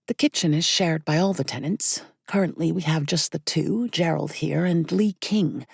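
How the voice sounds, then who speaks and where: A woman voicing a warm, grieving middle-aged landlady with a thick Irish accent and a lilting, gentle manner. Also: sits low, moderate pace, vocal fry, husky, no room sound, clean studio sound, full character voice. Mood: welcoming.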